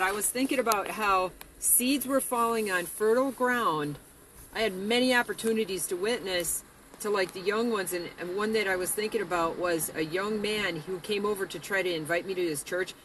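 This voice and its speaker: Bright-voiced woman, earnest evangelist. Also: medium pitch, a little hiss or hum, low-quality recording. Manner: earnest, rambling. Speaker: street evangelist. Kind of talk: casual talk about evangelizing.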